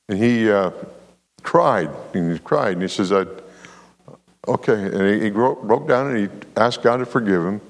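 Preaching in a large hall, a male pastor with a lowish voice keeps a moderate pace. He tells a story with energy and invites the congregation to answer back with amens.

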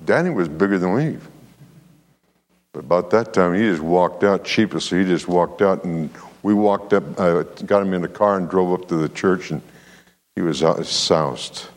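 A man's voice: deep voice, moderate pace, big-room sound. A man preaching a sermon as pastor, telling a story and calling for amens from the congregation. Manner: preaching with call-and-response amens, animated storytelling.

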